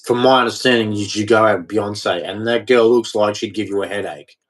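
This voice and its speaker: A man's voice: on the low side, a little fast. A man giving a blunt, profane, repetitive rant straight to his viewers. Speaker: vlogger. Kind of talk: unscripted rant to camera.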